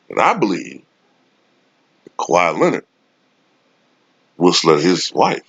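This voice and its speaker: A man's voice: deep voice, wildly swooping pitch, takes it slowly, creaky, long pauses, a bit bright, slightly rough, dry recording. A man delivering a sarcastic, profane sports commentary rant. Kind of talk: casual ranting commentary. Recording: dull lo-fi dry recording.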